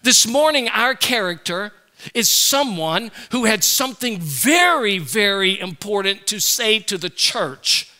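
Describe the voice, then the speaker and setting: High, bright-voiced pastor. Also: male voice, unhurried. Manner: humorous, animated storyteller. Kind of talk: sermon.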